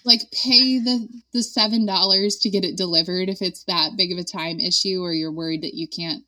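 A woman's voice: on the low side, steady tone, normal speed, bright, forceful tone, no room sound, recorded from a distance. A woman in her thirties, a dietitian, chatting casually on a podcast, laughing often and saying "like" a lot. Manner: chatty, giggly, lots of "like". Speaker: guest dietitian.

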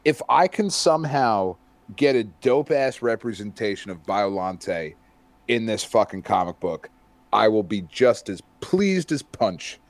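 Animated profane man in casual chat. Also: lowish voice, a little slow, no echo. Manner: profane, animated, laughs often. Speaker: podcast co-host reviewing comics.

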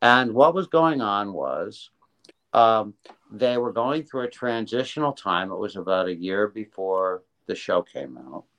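A man's voice: on the low side, unhurried, rough recording. An older man in an interview, telling a story casually with lots of energy. He restarts his sentences often and slips into voices for the people he quotes. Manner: animated, does voices, many restarts. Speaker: interview guest, illustrator.

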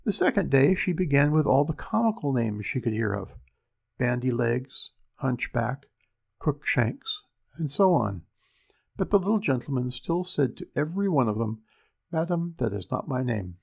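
A man reading classic fairy tales aloud in a steady, unhurried storybook narration. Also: mid-range voice, creaky, breathy edge.

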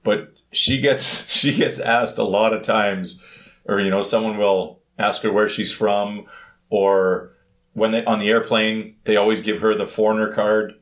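A man chatting casually, telling animated stories and mimicking other people's voices. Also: fairly low pitch, a little slow. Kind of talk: casual chat. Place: married, lives in Korea.

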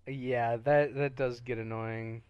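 Laid-back young man with a smooth voice. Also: mid-range voice, fairly even intonation, takes it slowly, a little mellow, no room sound, lo-fi sound. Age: 20s. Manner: laid-back, swears, hesitates with many ums. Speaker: podcast co-host. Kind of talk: casual chat.

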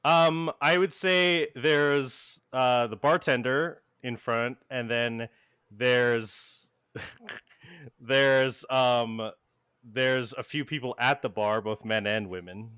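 A man's voice: medium pitch, steady tone, slow pace, sharp tone, clear, resonant tone, no echo, studio quality. A man narrating a tabletop role-playing game as game master, loose and laughing often.

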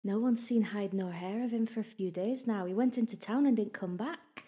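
A woman's voice: medium pitch, moderate pace, mellow, slightly rough, close to an everyday voice. A woman doing a gossipy office clerk. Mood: confiding. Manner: homely, gossipy talk. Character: gossipy female institute clerk, chatty and nosy.

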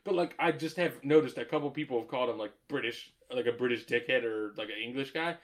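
A man in casual podcast chat, animated and swearing, who laughs often and rambles with lots of "like". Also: medium pitch, quick pace. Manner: animated, laughs often, swears, mimics others in quoted asides; rambling with many "like" fillers.

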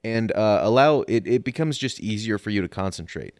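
A man with a low voice explains a topic on a casual podcast, rambling along with fillers and the odd swear. The sound is dry and close, with no room around him. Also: expressive, a little fast, a little mellow, no room sound. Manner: explanatory, rambling with fillers, exasperated when interrupted. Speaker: podcast co-host presenting a topic.

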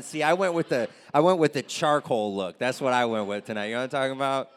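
A man's voice: medium pitch, fairly quick, hardly any pauses. A young man doing a loose, crude stand-up set and chatting with the crowd. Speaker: stand-up comedian.

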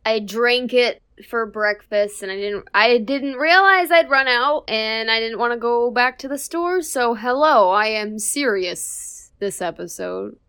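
A woman co-hosting a podcast, trading dry deadpan jokes in casual banter. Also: fairly high pitch, unhurried, hardly any pauses, clean tone. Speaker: podcast co-host.

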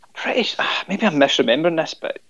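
Guest, 30s, casual, self-mocking, rambly. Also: male voice, on the high side, expressive, fast, fairly bright tone, in a whisper, muffled recording. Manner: jokey, self-deprecating, rambling. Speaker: podcast guest. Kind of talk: casual chat.

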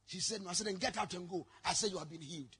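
A man preaching a sermon, telling stories with sudden shouted lines. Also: sits high, rapid-fire, husky. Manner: dramatic storytelling, bursts into shouting. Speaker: pastor.

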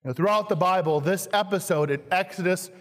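A man, a pastor, preaching a sermon slowly and emphatically, acting out quoted lines with dramatic stress. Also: high voice. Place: church sanctuary. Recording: long hall reverb, church sanctuary.

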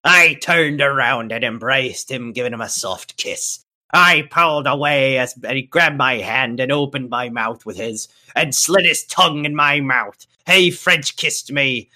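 A man voicing a gruff male pirate who growls "yar" and then reads fan fiction aloud. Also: mid-range voice, a little slow, pushed and bright. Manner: growled interjections, then plain reading.

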